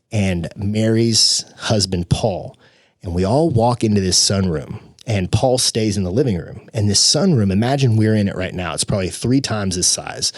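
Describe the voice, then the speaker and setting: A man telling a personal story as a podcast guest in an earnest, animated, casual way. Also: fairly low pitch, no room sound, studio quality. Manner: earnest, animated storyteller who says "dude".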